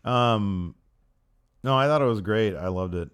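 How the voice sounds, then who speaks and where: A man co-hosting a wrestling review podcast in casual chat, animated and laughing often, acting out what the wrestlers said. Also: on the low side, measured pace, clear, resonant tone. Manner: animated, acts out quoted lines. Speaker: podcast co-host.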